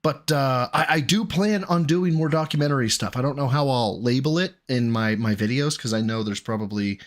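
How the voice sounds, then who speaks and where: A man's voice: medium pitch, a little fast. A man hosting a live stream, ranting bluntly and swearing, reading out donations between rants. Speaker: streamer host.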